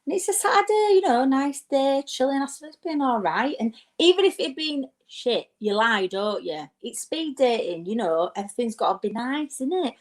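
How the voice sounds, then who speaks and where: A woman's voice: high-pitched, expressive, moderate pace, hardly any pauses. Chatty woman doing stand-up. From United Kingdom. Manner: chatty, rambling, self-mocking with frequent asides. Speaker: stand-up comedian. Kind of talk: stand-up comedy set. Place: home during lockdown. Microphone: webcam or laptop mic.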